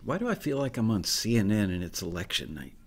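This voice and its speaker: A man's voice: fairly low pitch, big pitch swings, fast, a little hiss or hum. A man hosting a casual livestream, chatting and joking while reading out audience comments and votes. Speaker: host of a song-listing review livestream.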